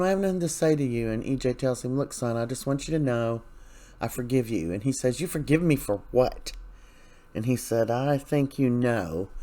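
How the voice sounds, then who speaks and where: A man's voice: mid-range voice, a little mellow. A man hosting a casual soap opera recap, retelling scenes in loose quotes and giving his own blunt opinions.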